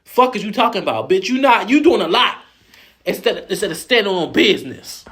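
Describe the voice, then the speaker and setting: A man doing a shrill, sassy scolding housemate. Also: moderate pace, a bit bright. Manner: high, shrieking, mocking, profane.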